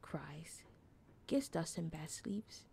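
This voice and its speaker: A woman's voice: deep voice, animated, creaky, breathy edge, full character voice. A woman whispering as a frightened opossum. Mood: hushed, fearful. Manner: halting, clipped and hushed. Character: scared wild opossum that speaks in broken words.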